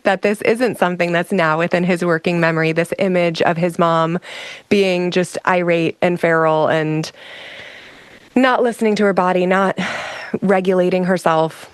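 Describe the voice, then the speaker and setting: A woman's voice: on the low side, normal speed, dry recording. A woman speaking as a guest on a conversation show, telling a personal story in a frank, reflective way with frequent restarts. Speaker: guest, emotional regulation specialist.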